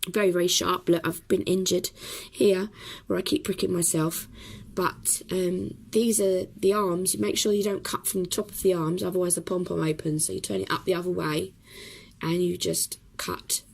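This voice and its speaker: A woman with a hoarse, croaky voice from a cough, explaining a craft project step by step in a chatty way with many pauses. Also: lowish voice, flat delivery, poor audio. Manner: chatty, talks while working, many ums. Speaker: craft tutorial host. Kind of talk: casual craft tutorial.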